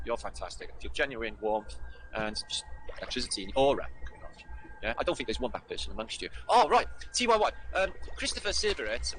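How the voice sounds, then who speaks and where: A British man from Britain hosts a casual livestream, greeting viewers by name and rambling affectionately with lots of swearing. His voice is on the high side and fairly bright, with slight background noise.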